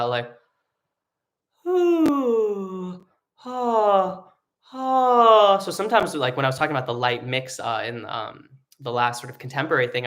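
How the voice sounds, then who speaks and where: Man teaching singing, live and casual. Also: mid-range voice. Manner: relaxed explaining with many fillers, breaking into sung vocal demos. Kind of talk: live online vocal lesson.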